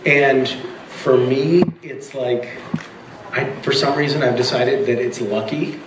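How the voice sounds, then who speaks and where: A man's voice: mid-range voice, fairly even intonation, takes it slowly. A man on a convention panel, teasing with dry humor. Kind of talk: joking panel banter. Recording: distant mic in echoey hall with crowd. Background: loud audience noise.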